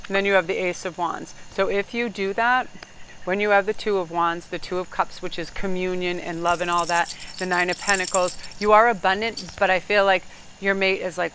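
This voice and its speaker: A woman's voice: lowish voice, fairly even intonation, normal speed, a bit bright, slight background noise, low-quality recording. A woman giving a casual tarot reading, rambling and blunt, swearing freely and laughing often. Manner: laughs often, slips into mock voices. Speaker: tarot card reader.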